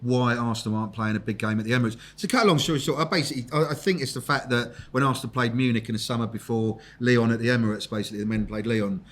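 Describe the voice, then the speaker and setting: A man talking casually on a football fan podcast, chatty and full of fillers and repeated yeahs. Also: medium pitch. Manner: talks fast, with many fillers and repeated yeahs. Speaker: podcast panelist. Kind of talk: casual chat.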